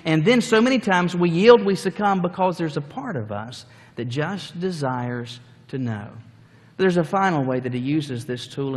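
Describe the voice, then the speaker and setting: A man preaching a sermon, telling the story with lively acted-out scenes. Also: on the high side, moderate pace, in a large hall. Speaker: pastor.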